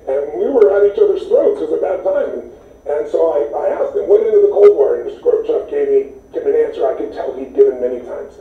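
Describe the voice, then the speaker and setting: Man, fairly high voice, emphatic storyteller; phone-like, echoey, far off. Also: quick pace. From United States. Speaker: interview guest. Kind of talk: animated storytelling. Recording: tinny, echoey, distant sound.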